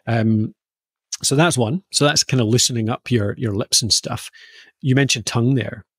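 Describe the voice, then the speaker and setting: A Scottish man co-hosting a podcast, easily explaining voice warm-ups and playfully demonstrating vowel sounds. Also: mid-range voice, moderate pace, slightly rough, no room sound, clean studio sound. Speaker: podcast co-host explaining voice skills. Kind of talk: casual podcast chat.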